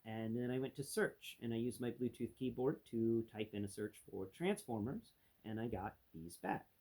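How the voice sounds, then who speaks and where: A man's voice: mid-range voice, normal speed, mellow, breathy edge. A man vlogging a casual, exasperated review, ranting with lots of restarts. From United States.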